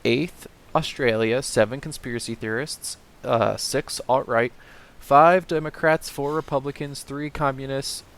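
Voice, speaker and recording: A man's voice: medium pitch, steady tone, unhurried, fairly bright tone. A man co-hosting a casual comedy podcast, dryly steering the segment over a remote call. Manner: dry, bossy, steers the segment. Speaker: podcast co-host.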